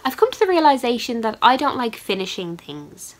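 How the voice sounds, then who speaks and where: A woman with a slightly high voice hosts a knitting podcast, talking a little fast and very animatedly. She rambles casually, using lots of fillers while holding yarn up to the camera. The recording quality is rough.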